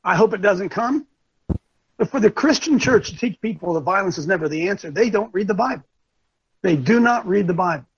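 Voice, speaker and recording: A man's voice: high voice, lively intonation, a little fast, highs cut off, a little hiss or hum. An older man hosting a talk show, delivering impassioned, preachy commentary and often repeating himself. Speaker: show host.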